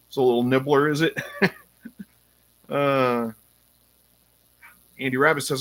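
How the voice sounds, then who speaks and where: A man hosting a casual live stream, reading viewer comments aloud and thinking out loud with frequent ums. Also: fairly high pitch, a little slow, long pauses. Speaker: livestream host reading chat.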